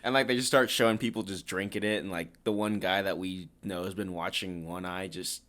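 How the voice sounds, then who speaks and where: A man's voice: deep voice, steady tone, a little fast, a bit bright. A young man co-hosting a casual podcast, chiming in with short, laid-back remarks about a film. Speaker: podcast co-host. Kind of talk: casual movie review chat.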